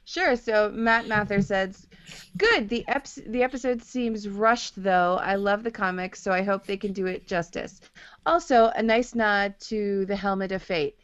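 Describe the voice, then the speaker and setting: A woman's voice: medium pitch, unhurried, clear, resonant tone, dry recording, highs cut off. A woman co-hosting a podcast in casual chat, playful and sarcastic. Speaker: podcast co-host.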